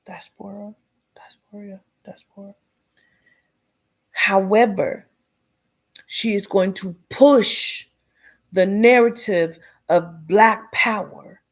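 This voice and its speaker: A woman giving a blunt, profane commentary rant, dropping into whispers for emphasis. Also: mid-range voice. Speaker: commentary vlogger.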